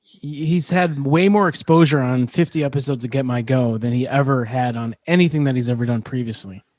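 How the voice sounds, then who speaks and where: A man's voice: medium pitch, a little fast, a little mellow, no room sound. A man co-hosts a podcast in easy chat, dismissive and scoffing. His mid-range voice sounds dry and close to the mic. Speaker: podcast co-host.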